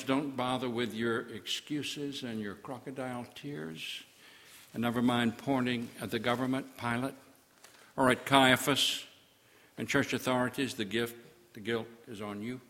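A man delivering a dramatic, accusing sermon monologue, swinging between hushed and loud. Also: mid-range voice, steady tone, measured pace, in a large hall.

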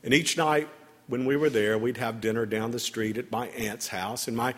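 A man with a husky, slightly breathy voice delivers a Sunday sermon, speaking to his congregation in a relaxed, conversational way with touches of humor. His words ring out with a long church reverb. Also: medium pitch, moderate pace. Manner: conversational, gently humorous preaching. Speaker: priest. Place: church sanctuary.

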